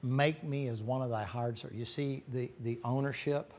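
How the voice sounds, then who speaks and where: A middle-aged man preaching a folksy, joking sermon that climbs to loud, shouting peaks. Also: mid-range voice, steady tone, normal speed, a little hiss or hum. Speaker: pastor.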